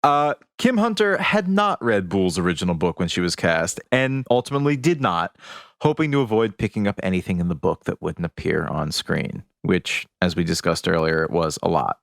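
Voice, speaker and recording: A man co-hosting a podcast, relating facts in a relaxed chat with wry asides. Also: sits low, normal speed, vocal fry, no room sound, clean studio sound. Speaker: podcast co-host. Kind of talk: casual chat.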